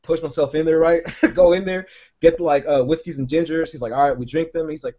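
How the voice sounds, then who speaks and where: Man, podcast co-host, quick pace, slightly high voice, profane, rambling storyteller, dull lo-fi sound. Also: steady tone, warm tone. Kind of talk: casual storytelling chat.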